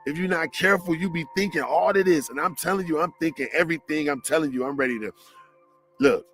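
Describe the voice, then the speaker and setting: A man from Detroit giving a lively motivational talk, telling stories in slangy, animated speech and laughing along. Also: fairly high pitch, fast, faint music behind. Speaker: motivational speaker.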